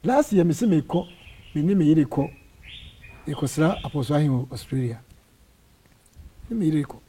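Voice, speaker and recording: A middle-aged man from Ghana, an apostle, telling animated stories in an interview and acting out the dialogue. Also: fairly high pitch, normal speed, slight background noise. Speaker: apostle and church area head. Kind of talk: storytelling interview testimony.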